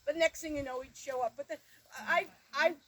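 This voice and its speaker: A middle-aged woman sharing memories at a family memorial gathering, telling stories in a halting, rambling way with many restarts. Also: sits high, steady tone, a bit bright, slight background noise. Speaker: former daughter-in-law sharing memories. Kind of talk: informal memorial remembrance.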